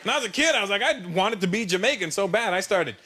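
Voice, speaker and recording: Brash stand-up comic, high voice. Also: male voice, animated, quick pace. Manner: brash, teasing, chatty with the crowd. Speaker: stand-up comedian. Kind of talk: stand-up comedy routine. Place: live comedy stage. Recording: live show with loud audience noise.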